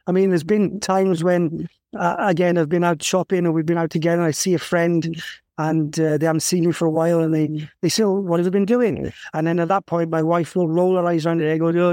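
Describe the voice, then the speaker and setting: Halting Welsh man in his fifties. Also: fairly high pitch, darkish tone, dry recording, studio quality. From South Wales. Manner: rambling, halting with many restarts. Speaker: guest. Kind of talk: casual interview conversation.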